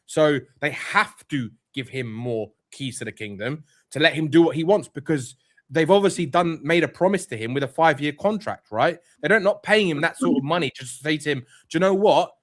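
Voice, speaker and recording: A man's voice: fairly high pitch, a bit bright. A man co-hosting a football fan stream, arguing passionately, often stumbling and restarting his sentences. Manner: passionate, halting with many restarts. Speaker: co-host. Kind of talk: casual fan podcast banter.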